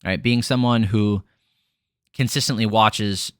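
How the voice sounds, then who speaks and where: Blunt, low-voiced man recapping fights. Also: steady tone, unhurried, clean tone, dry recording, studio quality. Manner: blunt, frustrated, swears freely, many fillers. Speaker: MMA podcast host. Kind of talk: casual fight recap commentary.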